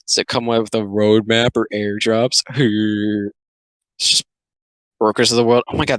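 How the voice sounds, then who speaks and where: A young man giving sarcastic, rambling reaction commentary, full of filler words and quick asides. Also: medium pitch, fairly bright tone, dry recording, poor audio.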